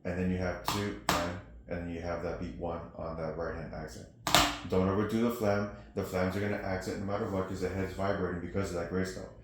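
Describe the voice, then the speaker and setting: A man with a very low voice teaches snare drum, counting rhythms aloud between demonstrations. He is recorded in an echoey practice room, with loud noise behind him. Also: level tone, brisk. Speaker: percussion teacher. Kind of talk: instructional snare lesson. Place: practice studio with drums.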